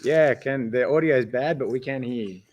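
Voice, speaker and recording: A man's voice: mid-range voice, brisk, a little mellow. A man hosting a live stream, talking casually and encouragingly, often calling people "man" and "brother".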